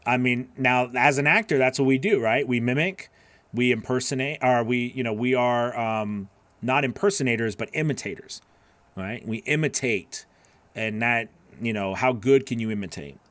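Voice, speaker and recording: A man's voice: medium pitch, normal speed, a bit bright, no room sound. A man hosting a live voice-over class, answering chat questions in an earnest, encouraging way that rambles with restarts.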